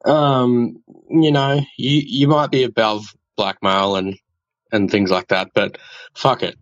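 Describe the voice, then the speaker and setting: Cursing slow-talking caller, lo-fi sound. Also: male voice, mid-range voice, level tone, no room sound. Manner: swears casually, hesitant fillers. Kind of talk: casual voice message. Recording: dull lo-fi phone message.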